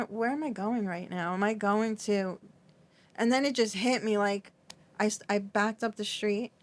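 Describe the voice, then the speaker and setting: A middle-aged woman talking as a podcast guest, her voice shaky as she recounts something painful, often halting, restarting and filling with "like". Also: medium pitch. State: shaky, trembling. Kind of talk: emotional interview recollection.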